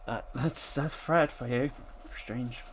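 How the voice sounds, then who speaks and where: A man's voice: mid-range voice, slow, slight background noise. A man streaming live, rambling casually and talking to his dog with dry asides.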